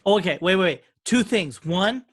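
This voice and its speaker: A man co-hosting a podcast, chatting casually about politics, swearing a lot and getting animated. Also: high-pitched, moderate pace, breathy edge. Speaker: podcast co-host.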